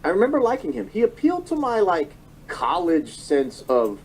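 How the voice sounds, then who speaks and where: A man's voice: on the high side, big pitch swings, fast, darkish tone, slight background noise, poor audio. A man in his thirties giving an emotional political monologue, often repeating phrases and correcting himself. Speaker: political commentator. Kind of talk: monologue commentary.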